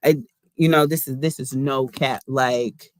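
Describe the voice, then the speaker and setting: A woman's voice: very deep voice, steady tone, a little slow, dry recording. Brief: woman, chatty spiritual card reader, slangy, addresses viewers directly, dry close sound. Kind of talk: casual spiritual card-reading chat.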